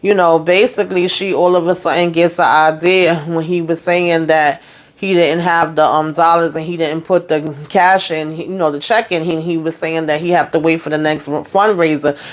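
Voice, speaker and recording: A woman in a casual, animated recap of a TV episode, acting out the characters' lines with lots of fillers. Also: sits low, normal speed. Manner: animated storytelling, acts out characters' quotes, frequent fillers. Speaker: TV recap host.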